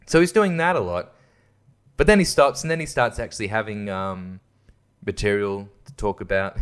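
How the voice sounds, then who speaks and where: A man's voice: lowish voice, lively intonation, normal speed. A man hosting a podcast, ranting in a casual, sarcastic way with lots of swearing and laughs at his own jokes. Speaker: podcast host and comedian.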